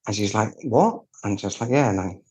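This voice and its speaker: A man's voice: on the low side, fairly even intonation, quick pace, slightly rough. A British man, a piano technician, telling his story in a candid, wry interview, acting out the dialogue he quotes.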